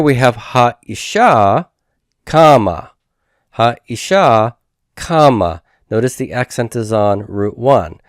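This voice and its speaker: A man teaching grammar in a recorded lecture, methodical, repeating each form slowly and checking in with "okay?". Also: low voice, clean tone, no room sound, studio quality.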